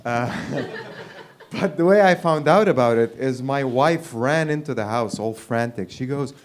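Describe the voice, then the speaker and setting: A man's voice: mid-range voice, unhurried. A man hosting an open mic night, doing a loose, rambling bit, with restarts along the way and laughter at his own jokes. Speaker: host. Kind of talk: stand-up comedy and hosting. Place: small comedy venue with audience.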